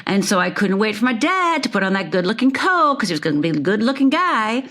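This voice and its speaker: A woman's voice: medium pitch, very animated, fast talker, pushed and bright. A woman from Upper Michigan telling her life story as an interview guest, vivid and emphatic, repeating phrases for effect.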